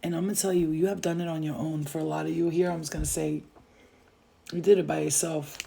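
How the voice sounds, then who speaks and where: Gravelly, warm-voiced woman giving a pep talk. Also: low voice, fairly even intonation, fast talker. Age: adult with a child. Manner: emphatic and profane, repeats phrases for effect; speaks straight to the viewer, reassuring. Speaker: spiritual reader channeling messages. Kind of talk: casual motivational channeled message.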